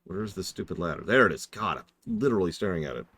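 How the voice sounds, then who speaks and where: A man's voice: low voice, animated, fast talker, a bit bright, slight background noise. A man streaming and reviewing a game in casual, wry, self-deprecating commentary.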